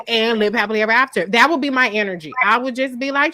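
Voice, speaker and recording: A woman's voice: on the high side, fast talker, hardly any pauses, sharp tone, slight background noise. A woman hosting a live show recap, talking in a blunt, profane, casual way and laughing often. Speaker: host.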